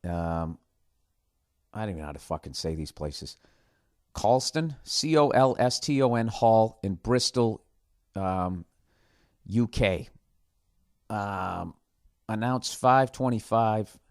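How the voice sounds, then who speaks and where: A man's voice: medium pitch, dry recording, studio quality. A man hosting a podcast alone, talking casually in a rambling, sarcastic way and swearing often. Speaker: podcast host. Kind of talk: casual solo podcast monologue.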